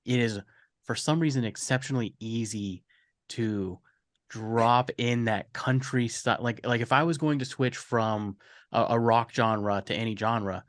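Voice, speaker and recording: A man's voice: medium pitch, fairly even intonation, measured pace, no room sound. Male podcast host, Ohio-raised, dry close sound, meandering questions. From Ohio, USA. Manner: long winding questions with restarts. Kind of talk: casual interview chat.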